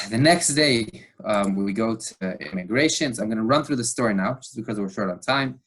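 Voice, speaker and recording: A man from the United States, a podcast guest, retelling a tense story with animated delivery and fillers. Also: fairly low pitch, moderate pace, breathy edge. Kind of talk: storytelling interview.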